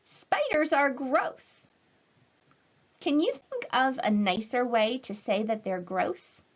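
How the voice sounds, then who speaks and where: A woman teacher giving a recorded language lesson to children, speaking slowly and clearly in an encouraging way. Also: on the high side, very animated. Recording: slightly dull lo-fi audio.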